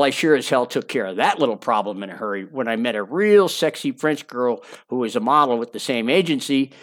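Man narrating a memoir, wry and chatty. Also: mid-range voice. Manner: conversational, wry asides, repeats phrases for emphasis.

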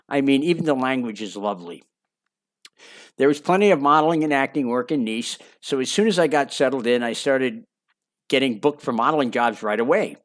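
An older man narrating his own memoir in a folksy, enthusiastic way, with chatty asides. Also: medium pitch.

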